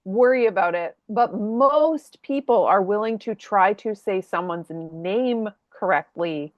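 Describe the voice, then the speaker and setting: A woman from Canada co-hosting a casual podcast chat, animated, laughing often and acting out what people said. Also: mid-range voice, measured pace, no echo, lo-fi sound. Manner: animated, laughs often, acts out quoted voices. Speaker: podcast co-host.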